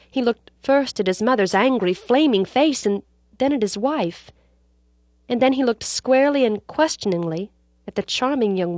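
Woman narrating a story, measured and dramatic. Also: mid-range voice, no echo.

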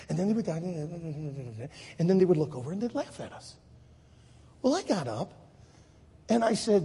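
A man preaching a sermon to high school students, telling a story with lively acted voices. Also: unhurried, long pauses, slightly rough, in a large hall. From United States. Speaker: Baptist preacher.

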